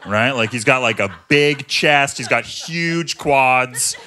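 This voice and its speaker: A man, doing a stand-up comedy set on a club stage with self-mocking, animated delivery. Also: medium pitch, slow. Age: 30s.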